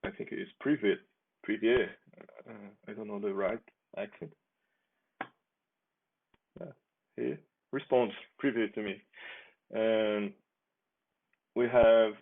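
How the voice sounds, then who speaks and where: A man giving a relaxed, chatty demo of his own software, restarting phrases and chuckling now and then. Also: fairly low pitch, takes it slowly, vocal fry, long pauses. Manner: relaxed, chatty, with frequent restarts and small laughs. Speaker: software developer demoing his app. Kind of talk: casual screen-recorded software demo. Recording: tinny phone-like sound.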